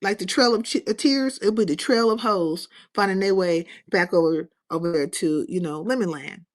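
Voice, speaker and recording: A woman's voice: mid-range voice, normal speed. Loose profane woman livestreamer. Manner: loose, profane, rambling chat with chat readers. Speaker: livestream host. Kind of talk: casual livestream chat.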